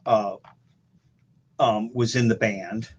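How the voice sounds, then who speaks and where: A man's voice: on the low side, fairly even intonation, slow pace, breathy edge, highs cut off. Man telling rambling road stories. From St. Louis. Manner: rambling anecdotes with many restarts and fillers. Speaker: guest musician. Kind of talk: casual storytelling chat. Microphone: video call.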